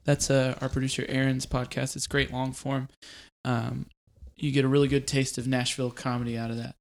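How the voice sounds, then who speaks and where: A man's voice: mid-range voice, level tone, brisk, creaky. A man co-hosting a casual comedy podcast, with a laid-back, joking, rambling way of talking. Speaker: podcast co-host.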